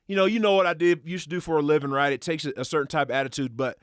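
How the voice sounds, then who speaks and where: Podcast guest, male, lively profane storyteller, fairly high voice, dry close sound. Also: very fast, clean tone, no room sound. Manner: animated, profane, excitable retelling with acted quotes. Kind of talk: casual storytelling.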